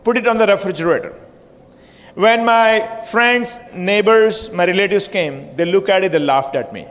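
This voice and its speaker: High-pitched man in a reverberant hall. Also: moderate pace, a bit bright. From India. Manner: repetitive, punchy, audience-prodding. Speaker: motivational speaker. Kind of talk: motivational stage talk. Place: hotel conference hall.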